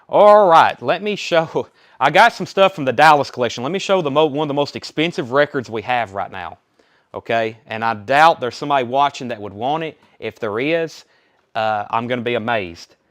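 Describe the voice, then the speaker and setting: A young man hosting a live record sale, chatty and quick to rattle off titles and prices. His voice is smooth and clear, pitched in an ordinary middle range for a man. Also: a bit bright. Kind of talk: casual live sales stream.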